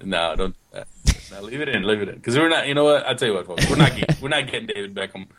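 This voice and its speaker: A man's voice: fairly low pitch, animated, fast talker, fairly bright tone. A man co-hosting a casual soccer podcast, rambling with frequent restarts and "you know what?" asides. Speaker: podcast co-host.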